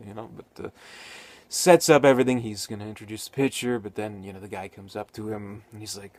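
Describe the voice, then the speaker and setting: Rambling low-voiced male film reviewer. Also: steady tone, fast, a little mellow. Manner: rambling, many fillers and restarts. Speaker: movie reviewer. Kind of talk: casual spoken film review.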